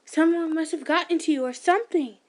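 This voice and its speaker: A woman's voice: very high-pitched, fairly quick, a little mellow, voice pushed up. A woman voicing a stern, protective young male demon slayer who speaks in short, blunt lines and swears when worried. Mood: tense, blunt. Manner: curses under breath, terse.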